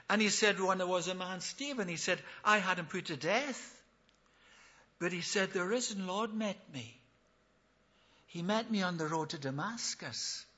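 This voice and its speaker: A man preaching a sermon with passion, acting out the quoted speakers and swinging from loud appeals to hushed tones. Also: sits high, breathy edge. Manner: acts out biblical speakers in quoted voices. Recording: dull lo-fi recording.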